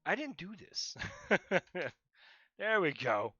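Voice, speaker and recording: Chatty streamer man, bright voice. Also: high-pitched, sing-song, slow pace, slightly rough, no echo, muffled recording. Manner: rambling, chatty, laughs often. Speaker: livestreaming digital artist. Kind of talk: casual chat while drawing on stream.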